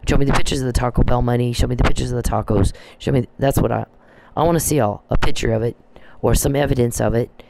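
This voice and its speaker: Gravelly man ranting bluntly. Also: medium pitch, fairly even intonation, fast, few pauses, noisy background. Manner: blunt, profane, emphatic. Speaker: commentator. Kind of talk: casual monologue.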